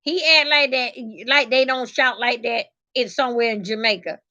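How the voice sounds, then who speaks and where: Lady spinning a story, high bright voice, salty and emphatic. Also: normal speed, muffled recording. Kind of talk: casual storytelling vlog.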